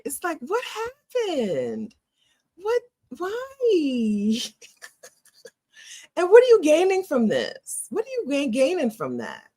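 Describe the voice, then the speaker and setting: A woman's voice: mid-range voice, husky. A middle-aged American woman vlogging in a casual, opinionated way, emphatic and laughing often. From United States. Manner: animated, emphatic, laughs often, repeats phrases.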